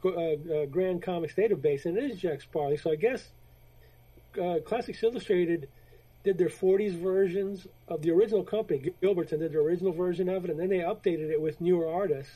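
A man with a high yet mellow, dark-toned voice chats casually on a podcast. He rambles through a retold story, restarts his sentences and slips in quoted lines. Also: a little fast, breathy edge, rough recording. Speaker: podcast co-host. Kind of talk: casual chat about comics.

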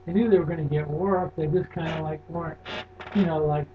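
A man's voice: a little high, steady tone, fairly quick, phone-quality sound, slight background noise. A man co-hosting a podcast, talking in an easygoing, drawling way with lots of fillers. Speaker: podcast co-host. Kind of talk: casual chat.

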